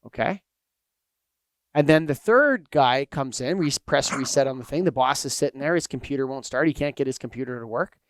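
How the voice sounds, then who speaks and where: A man co-hosting a podcast in casual chat, telling anecdotes in an animated way. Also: mid-range voice, brisk, no room sound. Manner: animated storyteller, acts out anecdotes. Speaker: podcast co-host.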